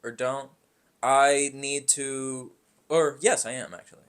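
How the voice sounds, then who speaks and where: A man's voice: mid-range voice, steady tone, slow, clear, resonant tone. Rambling young man chatting casually. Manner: rambling, tangent-prone storytelling with profanity. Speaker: podcast co-host. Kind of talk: casual chat.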